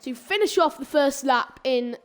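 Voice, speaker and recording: A fairly high-pitched woman calls a live online racing session with loose, rambling chatter. She trips over words and corrects herself as she goes, keeping a casual streamer feel. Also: expressive, moderate pace. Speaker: sim racing commentator. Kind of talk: live esports race commentary.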